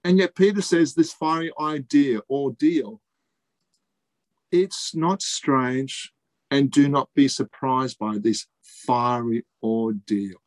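A man preaching a sermon, emphatic, repeating key phrases and pausing for effect. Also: mid-range voice, darkish tone, dry recording.

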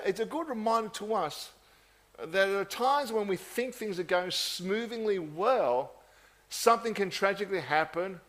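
A man preaching a sermon in an earnest, measured way, often repeating phrases for emphasis. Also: a little high, a bit bright.

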